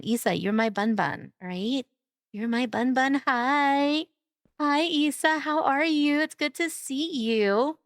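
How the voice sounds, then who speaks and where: Young woman streamer, high, unhurried, cutesy and bubbly, dry close mic. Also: pushed and bright, clean tone, dry recording. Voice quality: bubbly, cutesy baby talk. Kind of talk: casual live-stream chat.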